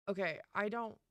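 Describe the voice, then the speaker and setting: A young woman streamer talking casually and emphatically, swearing often and filling pauses with "um" and "like". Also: medium pitch, vocal fry, bright, forceful tone, no echo, studio quality. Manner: emphatic and profane, with many fillers. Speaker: live streamer. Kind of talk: casual live-stream rant.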